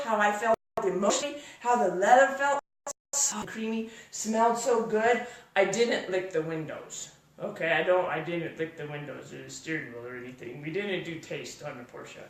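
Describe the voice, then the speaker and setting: A woman giving a workshop talk to a live audience, telling a story in a lively, exclamatory way. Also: medium pitch. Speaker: workshop speaker. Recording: echoey room, voice from far off.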